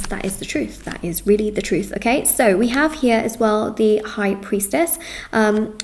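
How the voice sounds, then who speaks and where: A woman's voice: mid-range voice, a little mellow. A woman reading tarot cards for her viewers, talking in an earnest, reassuring way, repeating herself and running through lists. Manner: lists things in quick runs. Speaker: tarot reader.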